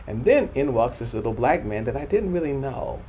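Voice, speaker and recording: An older man tells stories from his life in a gravelly, creaky voice, reflective and unhurried, often restarting a thought. He slips into the voices of the people he quotes, with faint noise in the room behind him. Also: mid-range voice, big pitch swings, mellow. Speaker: choral conductor speaking at a forum. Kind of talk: anecdotal storytelling talk.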